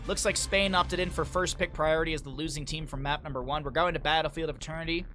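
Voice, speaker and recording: Bright-voiced tired caster from the Midwest. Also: male voice, fairly high pitch, steady tone, fast, faint music behind. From American Midwest. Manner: chatty, talks to chat between plays. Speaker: esports caster. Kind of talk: live game commentary.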